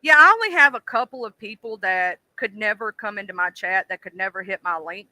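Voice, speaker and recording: A man's voice: high voice, lively intonation, brisk, sharp tone, no echo, rough recording. A man hosting a casual livestream, talking emphatically in slangy, repetitive bursts. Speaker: livestream host.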